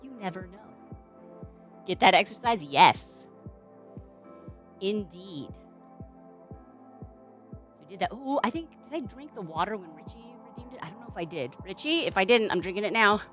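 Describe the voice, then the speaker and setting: A woman's voice: mid-range voice, lively intonation, moderate pace, long pauses, a bit bright, faint music behind. A young adult woman streaming live at home, chatting casually with a playful, sing-song manner. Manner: playful, sing-song baby talk to her cat. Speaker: streamer and balloon artist.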